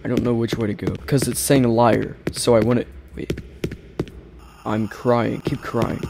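A man at his mic, narrating his horror game run in a rambling, easily startled way, breaking into repeated yelps. His voice sits at an average pitch, with a steady hiss of background noise on the recording. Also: a little fast, gravelly. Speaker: gaming YouTuber.

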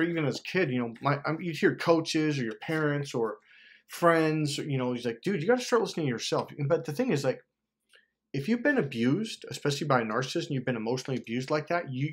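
A man in his forties delivering an intense, profane motivational monologue about trusting your gut. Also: on the high side. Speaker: motivational speaker.

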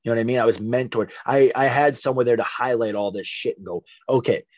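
A man's voice: medium pitch, fast, no echo. A young man, a boxer telling a rambling, profane story in a casual podcast interview. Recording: dry, slightly dull podcast audio.

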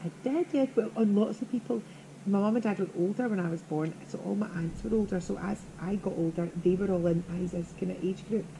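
A Scottish actress chatting as an interview guest, telling stories in a chatty, playful way. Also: female voice, mid-range voice, fairly quick, gravelly, mellow, poor audio. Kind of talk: casual interview chat. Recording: noticeable background noise.

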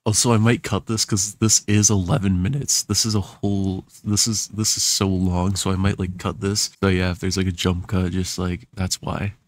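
A man's voice: low voice, flat delivery, moderate pace, few pauses, dry recording. A young man reacting to his old video, wry and self-mocking, often laughing. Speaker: vlogger. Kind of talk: reaction commentary.

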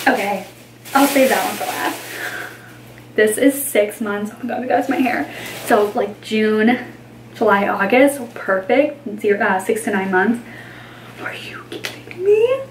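A woman's voice: mid-range voice, echoey room, distant mic, slight background noise, rough recording. A pregnant woman in her twenties, chatting casually in a vlog, gushing over baby clothes with lots of fillers. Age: 20s. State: pregnant, tired. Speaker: vlogger.

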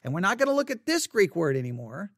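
A man's voice: sits high, big pitch swings, fast, a bit bright, no room sound, studio quality. A man teaching a casual Bible word study, thinking aloud and repeating words as he reads verses and notes.

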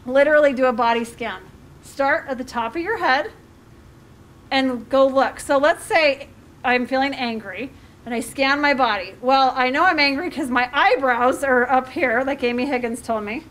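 A high-pitched middle-aged woman talks as a life coach in a loose, chatty way. She often restarts her sentences, fills gaps with small words and laughs now and then. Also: fairly bright tone. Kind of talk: talk on handling emotions.

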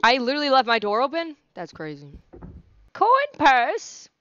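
A young woman plays a horror game, reacting jumpily and swearing freely. Her voice sits a bit high, and the recording sounds muffled and lo-fi. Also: sing-song, fast, pushed and bright, clean tone, no room sound. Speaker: gaming YouTuber. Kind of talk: horror let's play commentary. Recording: dull lo-fi audio.

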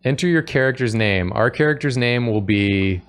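A man at an average pitch co-hosts a casual game stream, reading a text adventure's story aloud. He chuckles often as he reads, and his manner is relaxed and amused. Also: normal speed. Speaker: stream co-host.

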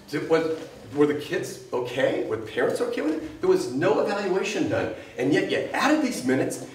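A woman's voice: fairly low pitch, a little hiss or hum. A woman teacher giving an impassioned, scolding public comment at a school board meeting. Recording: echoey room, distant mic.

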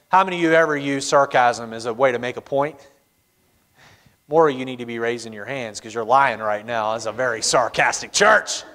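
A male pastor preaching a sermon in a church, telling the story with animated voices. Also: fairly high pitch, normal speed. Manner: animated storytelling, acts out characters. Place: church sanctuary. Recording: long hall reverb in church.

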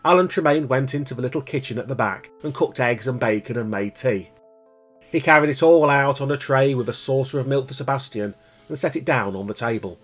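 A man reading a children's book aloud in calm, measured storytelling. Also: medium pitch, slightly rough, faint music behind. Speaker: storybook reader.

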